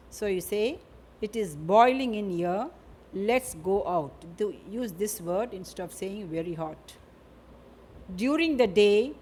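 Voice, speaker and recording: A woman teaching an English vocabulary lesson. She speaks slowly, repeats each word and example, and ends points with a tag question. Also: medium pitch, darkish tone, slight background noise.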